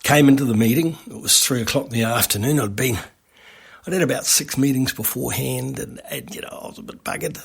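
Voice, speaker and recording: Rambling Australian man, gravelly voice. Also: mid-range voice, brisk. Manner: rambling, with many restarts and asides. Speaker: radio advertising creator. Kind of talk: casual anecdote.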